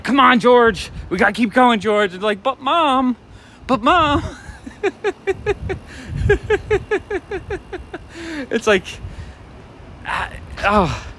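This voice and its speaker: A vlogger who owns a toy shop walks along city streets, chatting in a casual walk-and-talk vlog with rambling stories and laughs. His voice sits on the high side, bright and forceful, with slight background noise.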